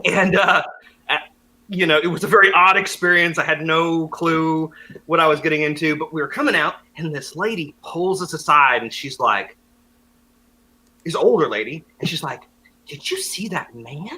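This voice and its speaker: A man's voice: on the high side, moderate pace, poor audio. A young man co-hosting a podcast, telling a story in casual chat and acting out the voices of the people in it. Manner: animated, acts out voices and laughs often. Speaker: podcast co-host.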